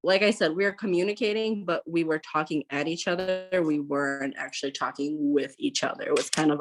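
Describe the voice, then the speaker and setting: A woman in her thirties, a podcast guest, giving casual advice and acting out quoted lines in lively voices. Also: deep voice, a little fast, hardly any pauses. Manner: chatty, acts out quoted lines in bright voices.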